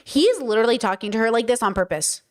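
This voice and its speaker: A woman's voice: fairly high pitch, expressive, fast talker. Emphatic woman commenting. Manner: emphatic, conversational reactions. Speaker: host. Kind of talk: commentary on a played recording.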